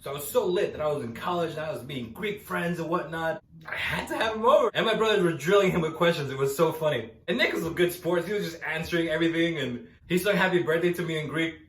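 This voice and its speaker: Young man from LA doing stand-up, slightly high and very animated, recorded without a microphone in a roomy space. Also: fast, hardly any pauses. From Los Angeles. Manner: animated storytelling, acting out quoted voices. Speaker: stand-up comedian. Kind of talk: stand-up comedy set. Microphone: no microphone, camera mic. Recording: roomy echo, faint ambience, no microphone.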